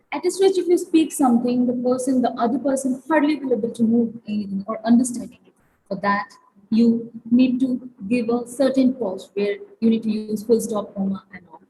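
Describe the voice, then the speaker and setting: A woman lectures over a video call, pausing often and restarting her phrases. Her voice sits fairly high but sounds mellow and soft-edged. A faint hiss runs underneath. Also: low-quality recording. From India. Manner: halting, many fillers and restarts. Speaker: webinar trainer. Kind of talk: online lecture.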